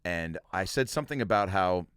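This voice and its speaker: Male podcast host, lowish smooth voice, lively storyteller. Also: a little fast, dry recording, studio quality. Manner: animated storyteller acting out bits. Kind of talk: casual chat, telling a stand-up story.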